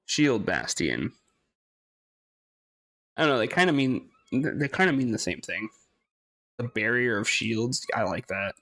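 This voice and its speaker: Male gamer, unhurried, loose and rambling commentary with plenty of laughs and swearing, dry close sound. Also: mid-range voice, sing-song, fairly bright tone, dry recording. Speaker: gaming streamer. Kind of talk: casual gameplay commentary.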